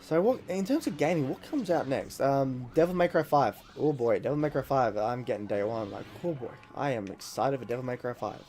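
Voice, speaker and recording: Excitable swearing man gaming. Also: medium pitch, brisk, hardly any pauses. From Australia. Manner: excitable, rambling, swears often. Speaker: gaming YouTuber. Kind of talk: casual let's-play commentary.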